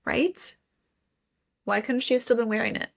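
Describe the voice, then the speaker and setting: A woman's voice: a little high, moderate pace, vocal fry. A woman co-hosting a podcast, recapping a book in casual chat with playful swearing and mock quotes. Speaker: podcast co-host.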